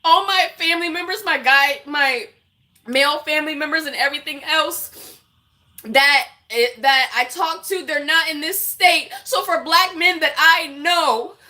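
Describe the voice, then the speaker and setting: A woman with a high voice and a bright, forceful tone delivers a vlog rant to her viewers. She talks bluntly and with passion and swears freely. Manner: impassioned, blunt, profane. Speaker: vlogger. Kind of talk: casual vlog rant to camera.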